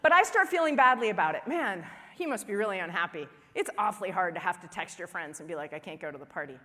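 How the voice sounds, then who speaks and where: A woman in her forties giving a humorous keynote speech at a conference, telling family stories in an animated way and acting out the dialogue. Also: mid-range voice, fast. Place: large conference hall. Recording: long reverb of a large hall.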